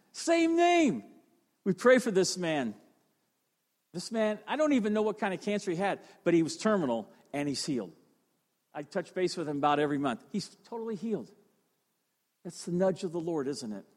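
Preacher, middle-aged man, high voice, fervent storyteller, big reverberant hall. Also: big pitch swings, moderate pace, pauses often. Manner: fervent, storytelling, repeats phrases for emphasis. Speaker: fire chief and chaplain preaching. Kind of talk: sermon. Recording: long reverb of a large hall.

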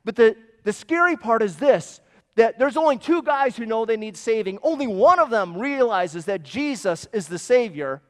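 A man preaching a sermon, telling stories in long quoted runs and swinging between hushed and emphatic delivery. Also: extremely high pitch, animated, normal speed, big-room sound. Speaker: pastor.

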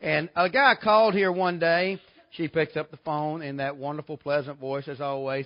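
A man, easygoing and quick to joke between points. His voice sits high for a man. The church recording is a little muffled and dull. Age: 40s. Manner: folksy, joking storyteller. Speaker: guest preacher. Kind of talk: revival sermon. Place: church sanctuary.

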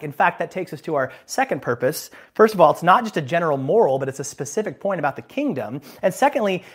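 A man preaching a sermon in a relaxed, chatty way, his pitch rising and falling a great deal as he explains. He jokes easily and pokes fun at himself between points. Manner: conversational and joking, with self-deprecating asides. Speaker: pastor.

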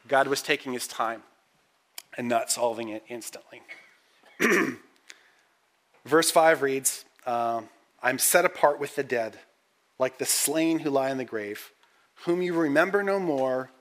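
A man delivering a sermon with earnest, measured delivery and frequent pauses, rising in intensity as he reads scripture aloud. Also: medium pitch, a bit bright. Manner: raises voice when reading the psalm's cries. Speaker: preacher.

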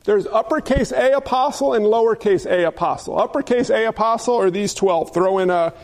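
A pastor with a notably high voice preaches briskly. His sermon has a playful streak, peppered with jokey asides and rhetorical questions to the congregation.

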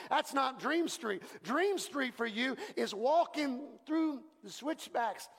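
A man preaching a sermon as pastor, impassioned, swinging from hushed passages to shouted ones. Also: extremely high pitch, animated, slow, vocal fry, hardly any pauses. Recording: long reverb from a large hall.

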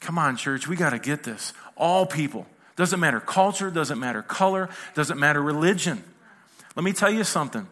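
A man's voice: on the high side, animated, moderate pace, bright, forceful tone. A male pastor preaching a conversational sermon to a congregation in a church, mixing humor with acted-out quotes.

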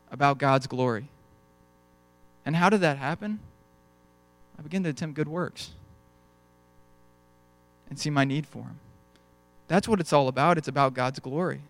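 A man's voice: a little high, a bit bright, dry recording. Dry, conversational young male pastor. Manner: conversational storytelling, acts out dialogue. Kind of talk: sermon.

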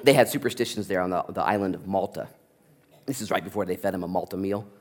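A man preaching a sermon as a pastor, telling stories with lively, animated energy and acting out the people in them. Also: deep voice, quick pace, slight background noise. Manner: animated storytelling, acting out voices.

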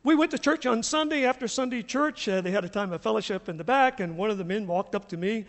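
A middle-aged man from the US South, a pastor preaching a sermon and telling stories in an animated, chuckling way. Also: high voice, fast, long reverb tail. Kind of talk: sermon with storytelling. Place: church sanctuary.

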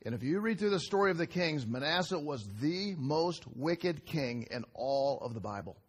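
Male pastor, slightly higher voice, conversational sermon delivery with rhetorical questions and hushed asides. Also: expressive, moderate pace, slightly rough. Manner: swings between raised emphasis and quiet low asides.

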